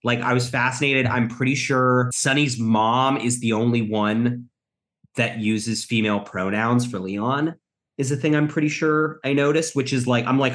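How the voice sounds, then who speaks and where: A man co-hosting a podcast, discussing a film in a halting, rambling way, with many restarts. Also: mid-range voice, steady tone, fairly bright tone. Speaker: podcast co-host.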